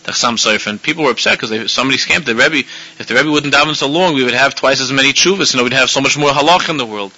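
A man, a rabbi, giving a sermon full of animated storytelling with frequent restarts, in a dull lo-fi recording. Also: mid-range voice, very fast.

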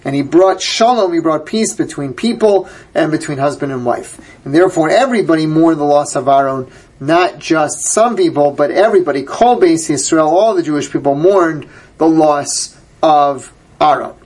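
A man's voice: on the high side, animated, normal speed, darkish tone. A man teaching a Torah class, reading verses aloud and then translating and explaining them. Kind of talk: Bible class lecture.

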